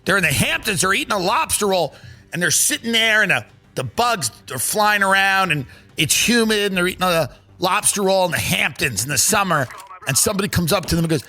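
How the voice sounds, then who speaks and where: A man's voice: animated, fairly quick, pushed and bright. A middle-aged man hosting a comedy podcast, riffing sarcastically, acting out mock dialogue and swearing freely. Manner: swears freely, big swings in pitch. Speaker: podcast host.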